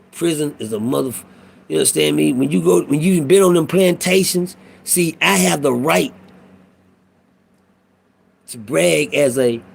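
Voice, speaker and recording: A man's voice: fairly high pitch, vocal fry, breathy edge. A middle-aged man talking in a casual monologue, telling a profane, preachy prison story in street talk. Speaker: vlogger.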